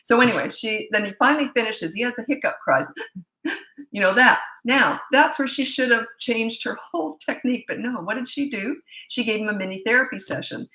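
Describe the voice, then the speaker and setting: A woman's voice: fairly high pitch, lively intonation, bright, forceful tone. A middle-aged woman, a parenting coach, talking bluntly and chattily in a casual Q&A, full of asides. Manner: blunt, chatty, frequent "anyway" asides and quick laughs. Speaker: parenting coach and channel host. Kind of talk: casual Q&A monologue with anecdotes. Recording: echoey room.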